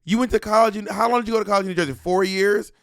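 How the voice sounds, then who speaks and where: A man in his thirties co-hosting a casual chat, telling stories in an animated way. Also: high-pitched, racing, gravelly, no echo, clean studio sound. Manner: storytelling, animated, laughs often. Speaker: podcast co-host.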